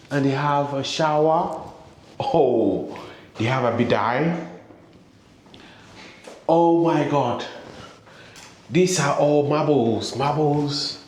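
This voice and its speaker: A man's voice: fairly high pitch, extremely slow, long pauses, a little mellow, a little hiss or hum. A man vlogging a hotel room tour, gushing and exclaiming as he shows each room. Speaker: travel vlogger. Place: hotel suite, indoors.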